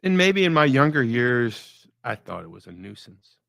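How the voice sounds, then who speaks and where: A middle-aged man speaks in a reflective devotional talk, his voice gravelly with a gritty fry. The sound is close and dry with no room around it. He muses conversationally and lets his sentences fade low and soft. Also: very animated, normal speed, no room sound. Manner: musing, conversational, trails off quietly.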